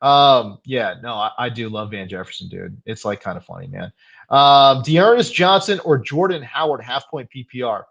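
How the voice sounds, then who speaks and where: A young man talks casually and loosely, full of "dude" and "man" slang and frequent fillers, in a voice of middle pitch. He rambles, gets worked up fast and then laughs at himself. The audio is a little dull and lo-fi. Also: gravelly, a bit bright. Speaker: fantasy football show host. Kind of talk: casual live stream chat.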